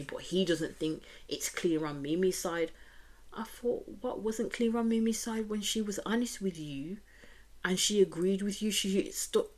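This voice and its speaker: A woman with a Birmingham accent and a low voice gives a chatty, opinionated reaction review of a reality show, frequently repeating stock phrases.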